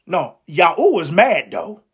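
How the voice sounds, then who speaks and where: Speaking a little slowly in a lowish, husky voice with big pitch swings, a woman preaches a live-streamed street-style sermon. She calls out to her audience with fervor, repeating lines in casual, slangy talk.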